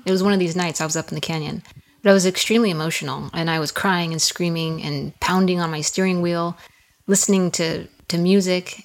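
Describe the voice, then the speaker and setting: A young woman on a podcast as a guest, telling a personal story in an earnest, candid way and often repeating her words. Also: on the low side.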